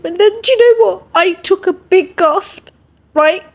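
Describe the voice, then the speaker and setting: High-pitched English woman telling her story. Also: measured pace. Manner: earnest, checks in with "yeah?" tags. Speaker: interview guest. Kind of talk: emotional personal storytelling.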